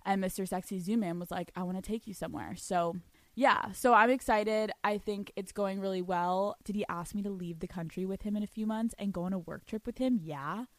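A woman's voice: medium pitch, moderate pace, dry recording. A young woman hosting a solo podcast, telling a story in a brash, profane way with frequent laughter. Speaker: podcast host.

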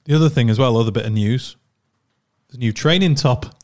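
Brisk, chatty man hosting a podcast. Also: mid-range voice, darkish tone. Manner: chatty, steers topics, teasing. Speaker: podcast host. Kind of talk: casual fan podcast chat.

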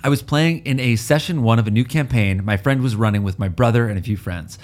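Man hosting a comedy panel, reads listener letters in a slow, even voice. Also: mid-range voice. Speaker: podcast judge reading cases.

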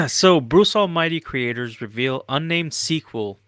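A man's voice: a little high, expressive, a little slow, a bit bright, dry recording, studio quality. A young man co-hosting a casual podcast, laid-back and reading out entertainment news. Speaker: podcast co-host.

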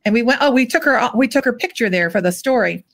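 A woman's voice: a little high, lively intonation, quick pace, creaky, a bit bright. A woman co-host recalling things, searching for words. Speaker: co-host, former newspaper journalist. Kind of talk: casual chat.

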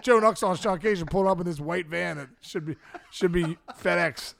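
Gravelly middle-aged guy spinning animated stories, voice a bit high for a man, laughs a lot. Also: a little fast, noisy background. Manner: animated, acts out the people in his stories, laughs often. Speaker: guest storyteller. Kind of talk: casual storytelling.

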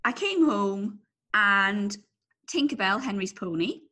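A woman's voice: medium pitch, lively intonation, slow, pushed and bright. Woman co-host, 30s, English, chatty and self-mocking, laughs easily. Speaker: podcast co-host. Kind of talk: casual chat.

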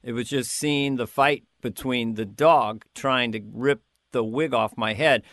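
A man, a guest comedian in a casual interview, telling lively anecdotes and slipping into quick character voices. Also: mid-range voice, no room sound, clean studio sound.

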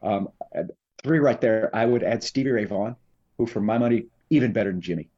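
A political commentator from Texas appears as a guest on a podcast interview, telling stories in an animated, emphatic, jokey way. His voice is lowish and fairly quick, and the audio sounds dull.

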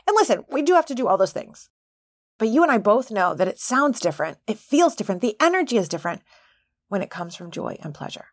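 A middle-aged woman hosting a podcast as a coach, talking in a chatty, animated way with laughing asides. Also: a little high, a little fast, dry recording, clean studio sound. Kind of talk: casual monologue.

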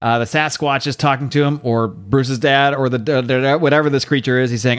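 A man hosting a podcast, recapping a comic book in a casual, animated way and slowing down for dramatic quotes. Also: mid-range voice. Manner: animated, reads out quotes with slow dramatic emphasis. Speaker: podcast host.

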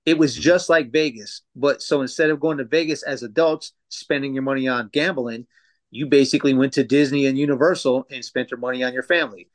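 A man in his thirties talks loosely as a guest on a podcast, piling up fillers and curse words as he tells his stories. His voice sits at an ordinary middle pitch. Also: brisk. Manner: loose, profane storytelling with many fillers. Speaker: tattoo artist guest. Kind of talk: casual podcast conversation.

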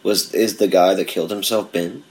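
Podcast host, woman, extremely low pitch, teasing, foul-mouthed banter. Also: fairly even intonation, moderate pace, darkish tone. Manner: joking, teasing, swears a lot, butts in with quips. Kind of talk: casual chat.

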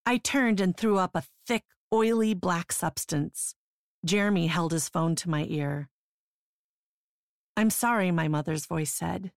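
Low, gravelly woman reading her memoir. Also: fairly even intonation, unhurried, dry recording, studio quality. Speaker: memoir narrator. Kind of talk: first-person memoir narration.

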